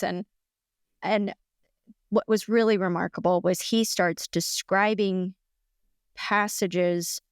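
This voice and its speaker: A middle-aged woman, a podcast guest, telling a personal story in a chatty, animated way with lots of fillers and restarts. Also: mid-range voice, clear, resonant tone, dry recording, clean studio sound. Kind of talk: casual storytelling in conversation.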